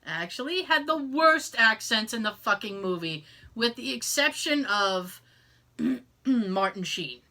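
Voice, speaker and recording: Boston woman cohosting a podcast, high bright voice, swears a lot and keeps laughing. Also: animated, slow. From Boston area. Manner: profane, laughs often, mock voices in quotes. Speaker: podcast co-host. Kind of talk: casual chat.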